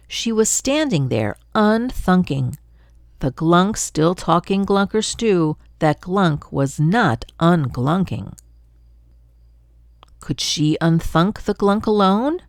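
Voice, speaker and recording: A woman's voice: lowish voice, vocal fry, no room sound, clean studio sound. An older woman reading a rhyming children's story aloud in a sing-song storybook manner.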